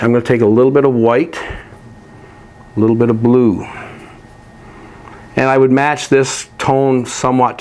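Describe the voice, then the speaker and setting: A man gives a step-by-step painting demonstration, talking through each stroke in a relaxed, practical way. His voice sits at an ordinary pitch. A faint noise hangs behind him. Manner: relaxed, practical, explains while working. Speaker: painting instructor.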